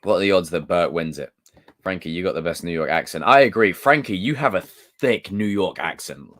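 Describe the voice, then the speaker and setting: A man hosting a livestream, reading viewer comments aloud in a loose, excitable, joking way with some swearing. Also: low voice, fairly quick. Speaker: livestream host.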